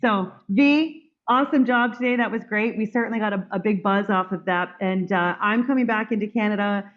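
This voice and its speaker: A woman runs a group video call in a blunt, firm manner, often stopping and restarting her sentences. Her voice is mid-pitched. It comes through dull, lo-fi call audio. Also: fairly quick. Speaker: call host.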